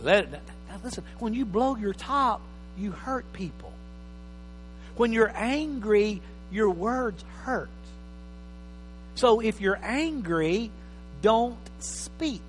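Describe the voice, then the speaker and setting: High-voiced pastor preaching in a hall. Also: male voice, animated, takes it slowly, long pauses. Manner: emphatic, swings between loud and soft. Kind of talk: sermon. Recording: reverberant hall with faint mains hum.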